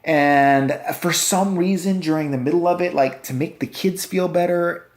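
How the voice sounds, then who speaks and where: A man's voice: fairly high pitch, normal speed. A man giving a casual, ranting movie review, sarcastic and profane, mocking what he watched. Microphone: handheld camera.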